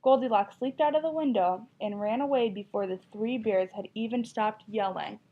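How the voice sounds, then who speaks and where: On a dull lo-fi recording, a woman teacher with a medium-pitched voice and moderate pace reads a children's story with expression. Afterward she asks her class encouraging questions about it.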